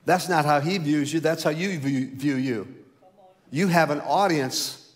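A male pastor preaching a sermon, rising loud and high to stress a point, then dropping low and slow. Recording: long hall reverb.

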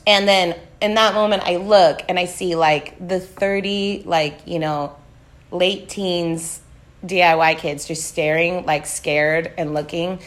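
A woman's voice: on the low side, fairly even intonation, takes it slowly. A young adult woman, a touring musician and podcast guest, tells a story with lots of swearing, acted-out quotes and laughter. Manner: swears a lot, acts out quotes, laughs often. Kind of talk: animated storytelling.

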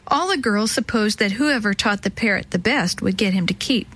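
A woman reading a children's story aloud in a gentle, expressive way, giving each character a voice. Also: mid-range voice, normal speed, a little hiss or hum, poor audio.

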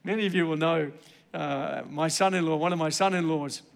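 High-voiced preacher in a reverberant hall. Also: male voice, fairly even intonation, moderate pace, vocal fry. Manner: emphatic storytelling preacher with repeated "I gotta tell you". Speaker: pastor. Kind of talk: sermon. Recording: long reverb of a large hall.

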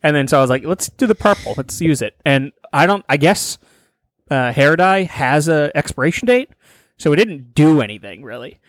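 A man's voice: a little high, big pitch swings, moderate pace, dry recording. Jokey, casually swearing male co-host. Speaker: podcast co-host. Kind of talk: casual chat.

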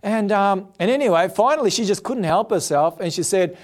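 A middle-aged man, a pastor telling a lively personal story in a sermon before turning to prayer. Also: fairly quick, few pauses. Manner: animated storyteller, voices quotes with big pitch jumps.

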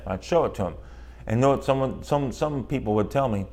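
A man preaches in a relaxed, conversational way, as if talking with his listeners. His voice sits a little low, and he acts out the voices of people he quotes. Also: moderate pace. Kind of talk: sermon.

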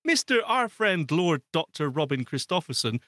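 Man co-hosting a podcast, exasperated rants, fairly high animated voice, dry sound. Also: normal speed, no room sound. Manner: ranting, exasperated, laughs often. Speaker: podcast co-host. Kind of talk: casual chat.

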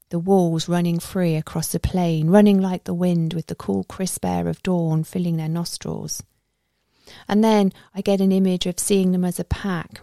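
A woman narrating a story in the first person in a steady, measured way. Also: fairly low pitch, creaky, no room sound, clean studio sound. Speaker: audiobook narrator.

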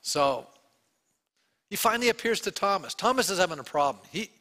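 A man, a pastor, preaching an Easter sermon to his congregation, telling the story with animated asides and questions to the room. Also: sits high, a little fast. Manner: animated storytelling, acting out quotes.

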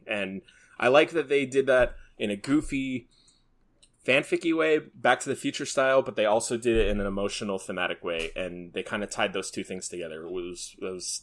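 Low-voiced man chatting casually. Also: a bit bright. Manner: rambling, many fillers and restarts. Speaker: podcast co-host. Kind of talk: casual chat.

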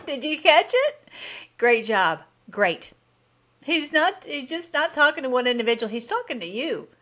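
A woman's voice: high voice, very animated, normal speed, fairly bright tone, a little hiss or hum. Upbeat woman hosting a vlog. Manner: enthusiastic, rambling, frequent restarts and laughs. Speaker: host. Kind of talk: casual political commentary vlog.

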